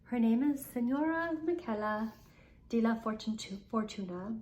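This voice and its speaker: A woman reading aloud as a gentle, loving middle-aged male merchant father who speaks slowly and courteously. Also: fairly high pitch, expressive, echoey room, low-quality recording. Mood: announcing.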